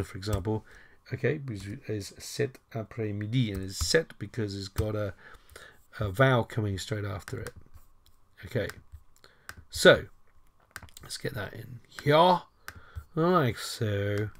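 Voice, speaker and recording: A man teaching a French lesson over a screen recording, chatty, with wry self-deprecating asides. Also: on the low side.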